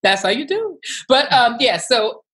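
A woman journalist chatting in a casual interview, animated and emphatic, laughing often. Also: a little high, unhurried. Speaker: TV news journalist and guest.

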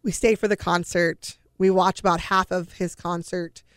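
A woman's voice: fairly low pitch, steady tone, moderate pace, no echo, studio quality. A woman in her forties, a mother earnestly recounting a family story as an interview guest, sighing often and acting out what each person said.

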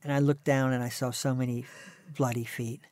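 A man's voice: mid-range voice, little pitch movement, fairly quick, a little mellow, no echo. A man in his sixties telling stories as an interview guest in a dry, wry way. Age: 60s. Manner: dry, wry anecdotal delivery. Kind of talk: conversational storytelling.

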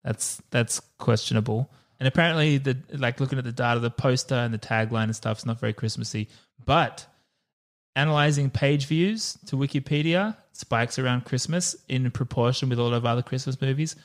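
A man co-hosting a podcast, reviewing a movie in a chatty, casual way and laughing often. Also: mid-range voice. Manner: chatty, quick to laugh, thinks aloud. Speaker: podcast co-host.

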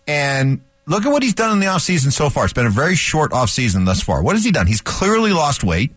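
A man's voice: fairly high pitch, sing-song, fairly quick, a bit bright, dry recording. A man co-hosting a sports talk radio show, bantering casually, asking rhetorical questions, and laughing easily. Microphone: studio microphone.

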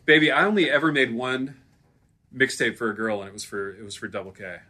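A man in his forties hosts a casual podcast in front of a live audience. His voice is bright and clear, and he tells stories playfully, easing into a low, smooth tone. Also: steady tone, quick pace. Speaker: podcast host.

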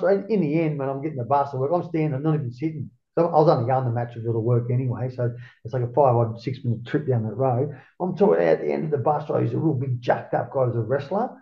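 A man's voice: medium pitch, fast, gravelly. A middle-aged Australian man, an interview guest, telling stories in a rambling, profane way full of "mate". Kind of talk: casual storytelling. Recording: roomy, dull lo-fi sound.

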